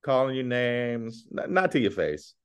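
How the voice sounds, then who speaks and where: A male podcast co-host talking in a casual, ranting way, blunt and sarcastic. His voice sits at an ordinary middle pitch, and he swears freely while he complains. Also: big pitch swings, unhurried, smooth. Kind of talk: casual food-review chat.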